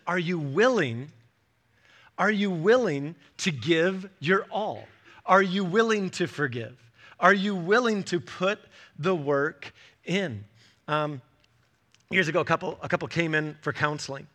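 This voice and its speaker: Male pastor in his 40s, high bright voice, lively anecdote-driven sermon delivery. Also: measured pace. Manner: animated storytelling, acting out quoted voices.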